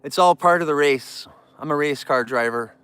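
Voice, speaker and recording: A man hosting a casual live stream among bears, talking in a relaxed, rambling way and thanking viewers in chat. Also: normal speed, clean tone, dry recording. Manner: cooing baby talk to the bears, squealing high. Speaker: livestream host with bears.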